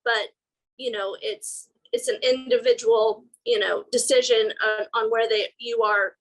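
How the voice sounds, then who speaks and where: A woman real estate agent speaking in a team meeting over a video call, halting and restarting as she thinks aloud. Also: fairly high pitch, fairly even intonation, fairly bright tone, poor audio.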